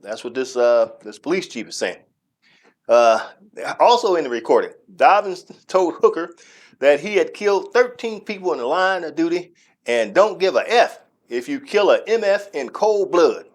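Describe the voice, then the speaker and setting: A man's voice: on the high side, expressive, normal speed. A man hosting a church news segment, giving opinionated commentary and talking straight to his audience with scornful asides.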